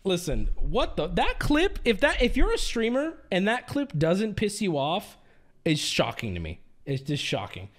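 A man's voice: high-pitched, wildly swooping pitch, unhurried. A man streaming live, ranting angrily with heavy swearing and exasperation. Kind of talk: angry live-stream rant.

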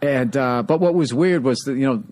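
A man from the United States, a stand-up comedian hosting a podcast, telling profane, animated stories in casual chat. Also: mid-range voice, a little fast.

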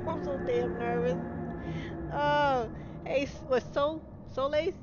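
This middle-aged woman's voice sits high and she speaks slowly as she plays a game live, casually chatting, laughing often, and greeting viewers by name. Steady noise runs under the slightly dull home-stream audio.

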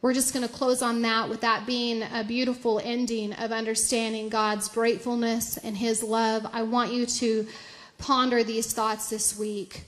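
A high-pitched middle-aged woman preaches a sermon. She is animated and laughs along the way, and her voice climbs even higher when she acts out talking to God. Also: a little slow. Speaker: pastor.

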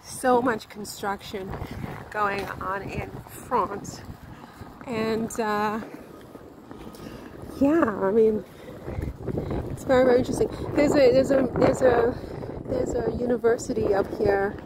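A woman chats to her camera in a rambling, animated way, full of restarts and little asides. Her voice sits a bit high and she drags her words out slowly. Street noise and wind hiss loudly behind her. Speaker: vlogger. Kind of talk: casual vlog talk to camera. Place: outdoors on town streets.

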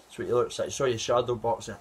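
In a trash-talking callout video, a Scottish amateur fighter in his thirties rambles aggressively at a rival. His voice is medium-pitched and flat, he talks fast, and there's a little hiss or hum.

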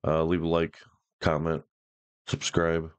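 A man with a very low, deep voice gives relaxed, joking commentary as he tries out software. His talk is casual and full of slang. The sound is dry and close, with no room echo. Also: takes it slowly, clean tone. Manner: laid-back, joking, slangy. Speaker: YouTuber trying out software.

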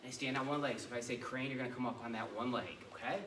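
Talking rapid-fire with fairly even intonation, this man instructs children in karate, mixing authority with playfulness. His voice is mid-range, and the distant recording picks up room echo and background noise.

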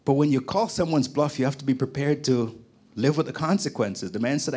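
A middle-aged man from Jamaica, a podcast guest, telling his story in lively conversation and acting out the people he quotes. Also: on the high side, quick pace, slightly rough. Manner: animated storyteller, acts out quoted voices.

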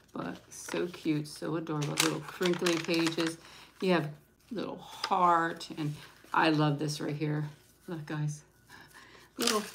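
A woman hosting a casual live stream, chatting warmly and gushing, thanking viewers one by one. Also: low-pitched, vocal fry, slight background noise. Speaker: livestream host showing handmade junk journals.

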